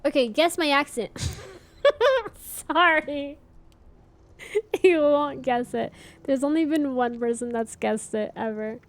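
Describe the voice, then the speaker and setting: A woman's voice: sits high, slow pace, long pauses. Giggly Canadian woman streaming a game. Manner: giggly, chatty, reads and answers chat. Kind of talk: casual live-stream chat while gaming.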